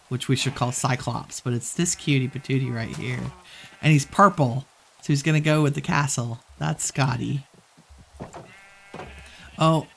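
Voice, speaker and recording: Gravelly, chatty man streaming a game. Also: mid-range voice, a little hiss or hum, rough recording. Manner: chatty and rambling, laughs easily. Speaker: gaming streamer. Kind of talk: relaxed gameplay chat.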